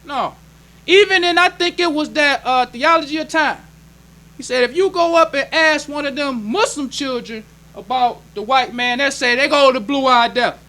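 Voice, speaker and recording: Man, minister, very high voice, emphatic conversational sermon, call-and-response. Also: moderate pace, pushed and bright.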